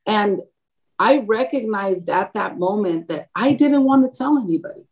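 A woman's voice: mid-range voice, animated, normal speed, darkish tone. A woman giving a personal faith testimony as a guest, storytelling animatedly, acting out quoted dialogue and laughing often. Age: adult, married with a grown son. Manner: laughs often while talking. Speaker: interview guest.

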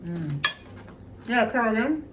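A woman's voice: a little high, big pitch swings, unhurried, pushed and bright. A woman hosting a casual eating show, chatting to viewers as she eats and murmuring over the food. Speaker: mukbang channel host. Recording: distant mic with faint noise.

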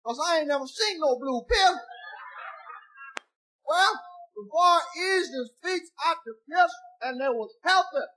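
A man telling a raunchy comic story on stage, animated and profane, breaking into laughter at his own jokes. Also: extremely high pitch, measured pace, long pauses, low-quality recording. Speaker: stand-up comedian.

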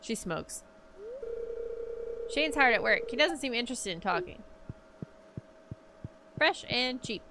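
Playful woman streamer with a high voice. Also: animated, moderate pace, long pauses, background noise. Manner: playful, jokey, reacts aloud. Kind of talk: casual game commentary.

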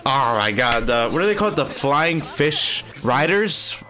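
A man reacts live to an anime, gushing in excitable bursts of slang. His voice is bright and swings widely in pitch. Faint soundtrack music plays underneath. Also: a little slow. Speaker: anime reaction channel host.

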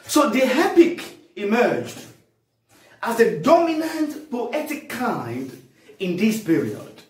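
A man's voice: high voice, a little mellow, echoey room, far from the mic, poor audio. A man giving an online lecture on classical poetry, talking in a repetitive way with frequent fillers and "of course".

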